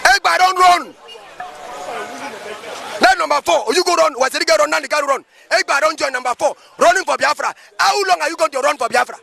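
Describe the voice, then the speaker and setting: High, gravelly Nigerian preacher man. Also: fast, hardly any pauses, pushed and bright, a faint crowd. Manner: emphatic, preachy, full of rhetorical questions. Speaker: pastor. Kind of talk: impassioned street commentary.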